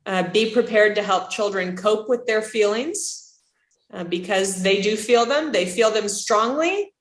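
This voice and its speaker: A woman lectures to a class in a relaxed, talkative way. She keeps the tone friendly and animated and throws questions to the room. The recording carries the echo of a roomy classroom. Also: mid-range voice, a little slow. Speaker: instructor. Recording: echoey room.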